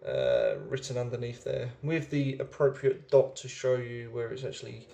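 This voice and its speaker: A man's voice: medium pitch, lively intonation, moderate pace, gravelly, dark tone, roomy sound. A man hosting a casual beer review video, chatty and rambling, often hesitating as he goes.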